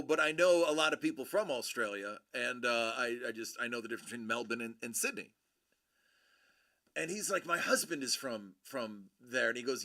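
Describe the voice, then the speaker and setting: A man's voice: mid-range voice, expressive, moderate pace, bright, forceful tone. A middle-aged man hosting a casual collectibles show, rambling and joking as he tells stories with many restarts. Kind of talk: casual chat.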